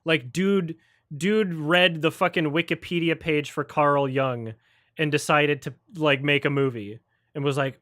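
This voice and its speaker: This livestream host's voice sits on the high side and is a bit bright, with fairly even intonation and a measured pace. He delivers a sarcastic, profane rant about films during his review chat, mocking people with exaggerated quotes. The recording is clean studio sound with no room sound.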